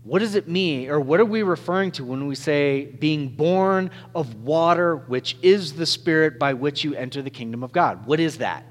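A man's voice: on the high side, normal speed, few pauses, long reverb tail. A male pastor delivering a sermon in a conversational way, with joking asides and sudden changes of pace.

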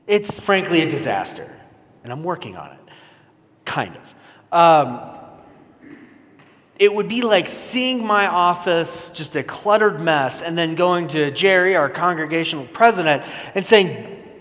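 A male pastor with a slightly high voice gives a loose, conversational sermon, full of fillers and restarts. He jokes about himself easily. His voice rings out with a long reverb, as in a big church hall. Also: animated, measured pace, long pauses, a bit bright. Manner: casual, self-deprecating, many fillers and restarts.

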